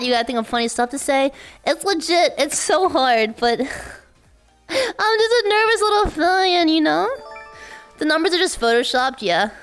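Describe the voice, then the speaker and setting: A woman streamer chatting casually with her live viewers, excitable and laughing often, with mock-exasperated outbursts. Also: high-pitched. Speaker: VTuber streamer.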